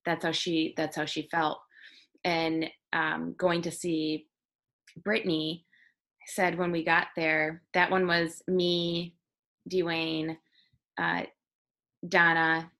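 A woman's voice: low voice, takes it slowly, long pauses, fairly bright tone. A woman hosting an interview, talking in an earnest and reflective way. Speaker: host. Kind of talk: conversational interview.

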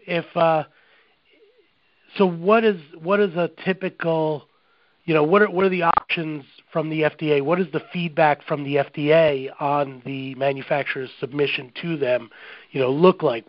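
Man, co-host, questioner with restarts, a bit higher voice, dull lo-fi audio. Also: dry recording. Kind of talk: casual interview chat.

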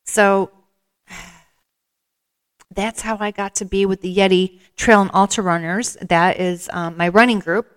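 A woman's voice: mid-range voice, steady tone, slow pace, long pauses, clear, resonant tone. A woman hosting her own podcast, telling stories in a rambling, candid, self-deprecating way and acting out the people she quotes. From American Midwest. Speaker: podcast host. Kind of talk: casual storytelling monologue.

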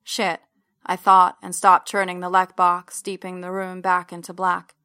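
Woman narrating a story in an even voice. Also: lowish voice, normal speed, smooth. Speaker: audiobook narrator. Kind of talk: first-person fiction narration.

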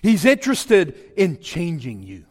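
A man's voice: high voice, huge pitch swings, unhurried, darkish tone, long reverb tail. A man preaching a sermon in a folksy, emphatic way, repeating his key phrases. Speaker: pastor.

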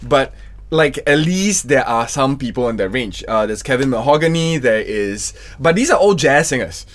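A man hosting a podcast, speaking in a natural baritone with chest resonance, relaxed and thoughtful. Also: moderate pace. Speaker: podcast host. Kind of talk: casual podcast conversation.

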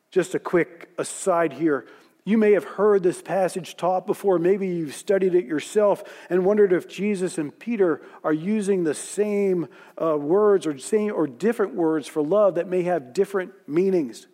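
A man telling a Bible story in a sermon, slowing and softening when he voices quoted lines. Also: high-pitched. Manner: storytelling, voicing quoted lines softly and slowly. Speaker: preacher. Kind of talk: sermon narration.

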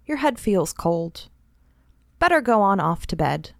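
A woman voicing a gentle, solicitous husband in a dry, closely read short story. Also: mid-range voice, very animated, a little slow, vocal fry, no echo. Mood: concerned. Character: calm, caring middle-aged husband.

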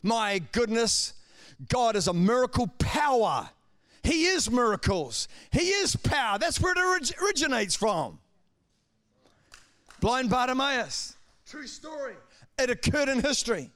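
A man preaching a sermon, with swings between calm speech and shouted, fervent passages. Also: extremely high pitch, a little slow. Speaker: pastor.

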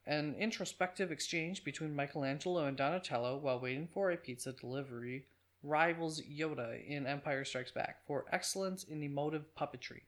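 A man narrating a casual film review with chatty, offhand asides. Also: medium pitch.

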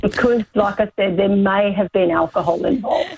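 A woman's voice: medium pitch, moderate pace, vocal fry, a little mellow, husky, rough recording. A woman calling in to a radio show, telling her story in a laid-back, sheepish way. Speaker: caller. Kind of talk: phone-in chat.

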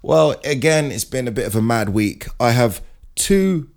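A man hosting his own show, telling rambling comic stories in an animated way. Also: medium pitch, unhurried, soft background music. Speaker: podcast host. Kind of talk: comic monologue.

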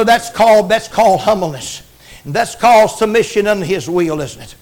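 A man preaching a revival sermon, fervent, shifting between loud shouting and quiet murmurs. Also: sits high, animated, moderate pace, poor audio.

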